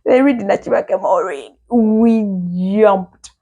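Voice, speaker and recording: A young woman casually telling a lively personal story from her school days, laughing and acting out what people said. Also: medium pitch, moderate pace, vocal fry, slightly rough. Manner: lively, laughing, acts out quotes.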